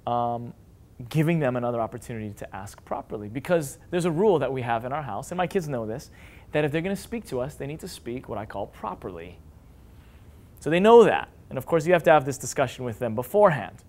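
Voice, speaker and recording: A man in his thirties, a father and parenting vlogger, talking casually to camera and now and then mimicking his whiny kids in a high voice. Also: expressive, fairly quick. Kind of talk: casual advice talk to camera.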